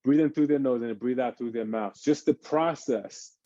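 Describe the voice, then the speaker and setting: Warm-voiced fitness dad, dull call audio. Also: male voice, mid-range voice, normal speed, dry recording. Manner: animated, explains by acting out his kids' games. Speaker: fitness expert on a parenting panel. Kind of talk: casual panel discussion.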